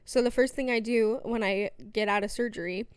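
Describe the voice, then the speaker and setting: Bright-voiced young woman telling stories. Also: fairly high pitch, brisk, clear, resonant tone, no room sound. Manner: animated, laughs often, lots of fillers. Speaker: podcast guest. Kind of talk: casual storytelling chat.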